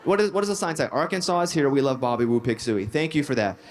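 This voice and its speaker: A man with a Southern US accent doing stand-up storytelling for a theater crowd, animated and jumping high when he acts out quotes. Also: quick pace, slight background noise. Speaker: comedian and host. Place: theater stage. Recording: live theater with long reverb and faint ambience.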